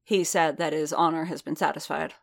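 A woman voicing a weary, guarded male warrior who talks haltingly and corrects himself. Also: low-pitched, fairly even intonation, vocal fry. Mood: hesitant. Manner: hesitant, halting, self-correcting.

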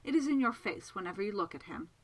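A woman voicing a fierce, scornful lady in an audiobook, sharp and commanding. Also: medium pitch, lively intonation, fast, lightly acted. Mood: imperious.

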